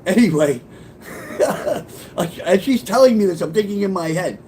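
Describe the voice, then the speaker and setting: Profane, animated man telling a story. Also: sits high, measured pace, slight background noise, rough recording. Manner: profane, animated, acts out quoted voices. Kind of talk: casual spoken memoir storytelling.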